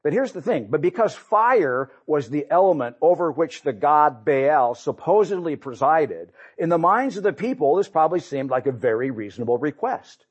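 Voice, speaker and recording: A man's voice: fairly high pitch, sing-song, normal speed, hardly any pauses, husky, muffled recording. A man preaching a sermon, conversational, often repeating and restarting words.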